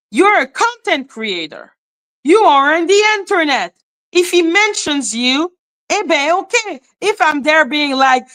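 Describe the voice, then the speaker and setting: A woman with as her ranting bluntly on a live stream, swearing freely, dropping to flat mutters and jumping to high exclaims. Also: unhurried. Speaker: livestream host. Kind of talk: casual live-stream rant.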